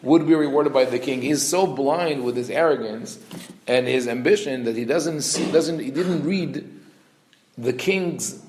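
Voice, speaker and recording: Rabbi teaching in an echoey room. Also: male voice, medium pitch, slight background noise. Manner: explains verses, reading Hebrew quickly then translating; acts out the king's and Haman's lines with lively intonation. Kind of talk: Torah class lecture.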